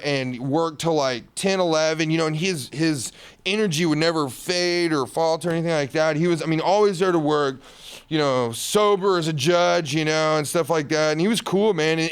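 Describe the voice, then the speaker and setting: A man's voice: a little high, clear, resonant tone. A man, a musician and painter, telling rambling stories in a casual interview, heavy on slang and laughter. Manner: rambling, laid-back, lots of slang and laughter.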